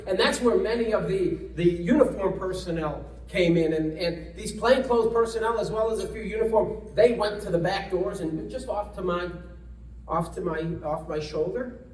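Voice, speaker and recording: High-pitched man telling a story. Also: moderate pace, darkish tone, reverberant, far from the mic, rough recording. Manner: vivid retelling, acts out the people he quotes, frequent restarts. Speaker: congressman giving a guest talk. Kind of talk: storytelling luncheon speech. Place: luncheon event room, indoors.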